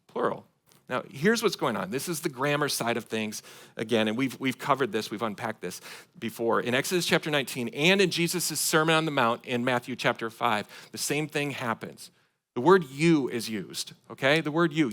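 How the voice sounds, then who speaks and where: Animated preaching man from Michigan. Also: on the high side, normal speed. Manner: animated preaching, swings between loud emphasis and quiet asides. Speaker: pastor. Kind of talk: sermon. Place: church sanctuary.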